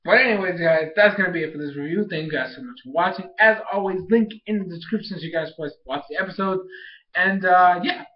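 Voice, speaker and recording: An excitable young man with a high voice rambles through a casual episode recap and jumps up in pitch to act out quotes. He sounds like he is in a bare, echoey room. The recording is dull and lo-fi. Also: quick pace. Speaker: video reviewer.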